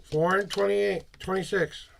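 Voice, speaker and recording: A man's voice: high-pitched, fairly even intonation, measured pace, vocal fry, a little hiss or hum. A man reading tarot on a live stream, chatty, rambling and upbeat as he talks to his viewers.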